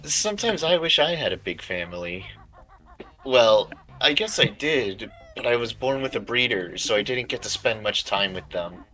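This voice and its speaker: Guy reading as a small corgi girl pup, friendly and awkward, bright tense voice, bounces all over. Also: mid-range voice, very animated, moderate pace, soft background music, pitched above the performer's own voice, poor audio. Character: friendly awkward young female corgi puppy. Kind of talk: reading a story aloud live.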